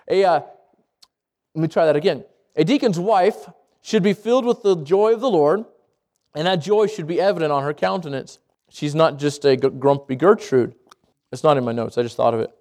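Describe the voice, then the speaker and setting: A man preaching a sermon to a congregation, lively and conversational, with jokes, asides and quick self-corrections. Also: sits high. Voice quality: speaks around braces. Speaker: pastor.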